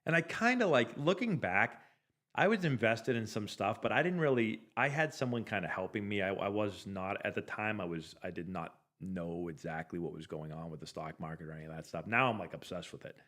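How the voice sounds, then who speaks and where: A man in his forties with a fairly low voice tells casual stories from his playing days. His delivery is loose and rambling, packed with "like" and false starts, as he hosts a live stream. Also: lively intonation, fairly quick, a bit bright. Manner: rambling, loose, full of "like" and restarts. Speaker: former pro ballplayer hosting a live stream. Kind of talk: casual anecdotal storytelling.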